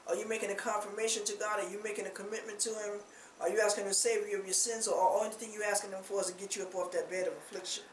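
A woman's voice: medium pitch, little pitch movement, racing. Woman preaching from a distant, echoey mic. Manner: conversational, many rhetorical questions, frequent "you know". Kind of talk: informal spoken sermon. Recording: roomy echo, distant mic, faint noise.

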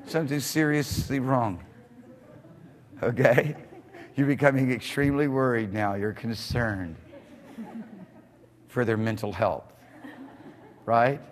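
A man pastor preaching an animated sermon in church, often breaking into praise. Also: medium pitch, normal speed, big-room sound. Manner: animated, exclaims "Hallelujah" often. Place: church hall.

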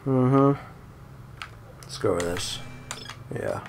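A let's play gamer rambles through casual gameplay commentary, swearing a lot, joking around and breaking into song. His mid-range voice is animated yet very slow, with vocal fry and a darkish tone. A little hiss or hum sits under the recording.

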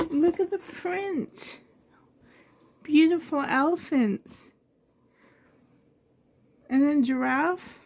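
A woman unboxing gifts in a vlog, gushing with breathy exclamations and sounding shaky and emotional. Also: sits high, a little mellow. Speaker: reborn doll collector vlogger.

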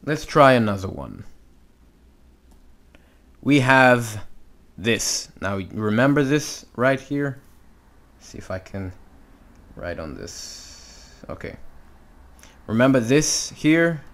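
A man's voice: mid-range voice, animated, slow pace, long pauses, a bit bright. A man teaching Hebrew reading, patiently sounding out letters and syllables step by step. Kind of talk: instructional walkthrough.

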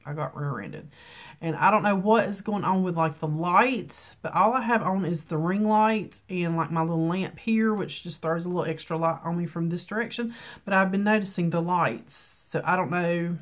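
A woman's voice: on the low side, moderate pace. Congested, chatty woman vlogging. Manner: chatty, rambling with many ums. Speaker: beauty vlogger. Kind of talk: casual vlog chat. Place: home room with ring light.

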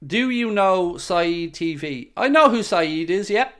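A man's voice: sits high, lively intonation, takes it slowly, a bit bright. A man hosting a live football watchalong, chatty and upbeat as he reads out viewer messages. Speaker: fan channel host.

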